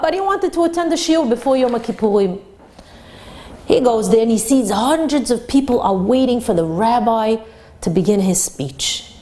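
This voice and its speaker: A woman teaching a Torah class for women, retelling a story with animated, dramatic delivery. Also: mid-range voice.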